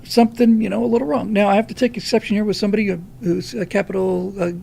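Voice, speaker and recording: A man's voice: high-pitched, steady tone, fast, gravelly, warm tone. A man hosting a live stream, giving a rambling monologue of political commentary with lots of fillers and restarts.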